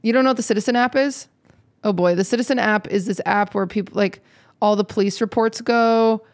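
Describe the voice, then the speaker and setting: Brief: young woman host, teasing, giggly, rambling, mid pitch. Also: brisk, darkish tone. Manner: teasing, laughs often, rambling restarts. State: a little out of it. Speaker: podcast host. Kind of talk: casual chat. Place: studio, seated beside the co-host.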